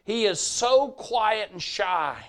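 Preaching with a Southern accent, this older man animates his stories and performs the voices of those he quotes. He speaks slowly in a high-pitched voice.

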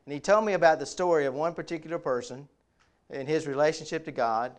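A man delivers a sermon in a relaxed, conversational way. His voice sits a little high and sounds smooth and clear. He often repeats a word or phrase as he drives toward a point. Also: fast talker. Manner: conversational, repeats words while building a point. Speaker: pastor.

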